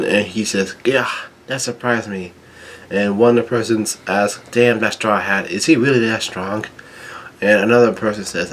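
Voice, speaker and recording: A man reading a comic chapter aloud, stumbling, restarting words and filling pauses with ums. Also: lowish voice, slight background noise. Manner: halting, with frequent restarts and ums. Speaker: manga chapter reader.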